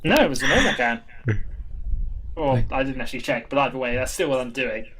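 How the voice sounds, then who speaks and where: A man playing a tabletop game, calmly declaring his character's actions in a dry, matter-of-fact way. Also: mid-range voice, brisk, slight background noise. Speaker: player. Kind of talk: casual tabletop game play.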